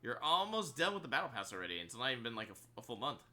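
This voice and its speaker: Male streamer, casual rambling chat with lots of laughs; bright, animated voice that swings up and down. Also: medium pitch, racing. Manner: rambling, filler-heavy, laughs often. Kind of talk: casual live-stream chat while gaming.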